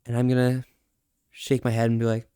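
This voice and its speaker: A man streaming and chatting casually, soft-spoken, drawing out slow words of praise. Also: mid-range voice, monotone, smooth, no room sound, studio quality. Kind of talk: casual livestream chat.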